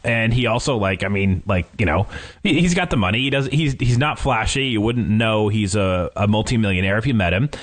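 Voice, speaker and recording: A man's voice: mid-range voice, a bit bright. A young man hosting a casual podcast, talking in a rambling way with lots of fillers. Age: young adult. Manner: rambling, many fillers and restarts. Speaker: podcast host.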